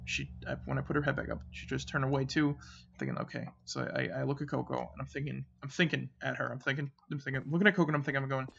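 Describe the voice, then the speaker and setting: A man casually telling a story of a frightening night, rambling and halting with many restarts, dropping to a murmur when he voices his own fearful thoughts. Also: mid-range voice, animated, vocal fry, a bit bright, dull audio. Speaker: channel host.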